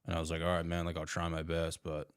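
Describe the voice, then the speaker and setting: A man's voice: sits low, monotone, fast, smooth, no echo, studio quality. A young man talking as a podcast guest, swearing freely and calling everyone "dude.". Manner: loose, profane, says "dude" constantly. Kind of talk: casual chat.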